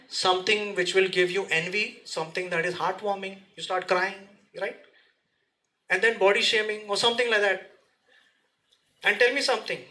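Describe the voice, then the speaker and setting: A man speaks to a seminar audience in a lively, direct way and keeps firing questions at them. His voice sits high and sounds bright and forceful. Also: poor audio. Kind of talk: motivational seminar talk. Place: seminar room.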